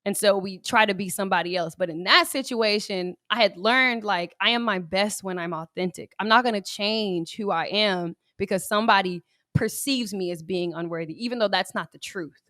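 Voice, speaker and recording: A woman co-hosting a podcast in casual chat, reflective and direct, chiming in with quick remarks. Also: medium pitch, bright, forceful tone, no echo, studio quality. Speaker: podcast co-host.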